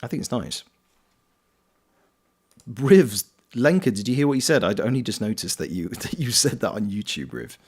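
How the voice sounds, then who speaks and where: A man's voice: on the low side, lively intonation, fast talker, few pauses, slightly rough. A man from Wales chatting casually on a live stream while gaming, rambling and reading chat aloud. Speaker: streamer and voice actor.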